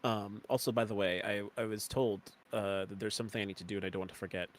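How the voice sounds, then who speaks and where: A man streaming a game and chatting casually, playful and greeting his chat, his voice leaping up when excited. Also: on the low side, fast talker, a little hiss or hum.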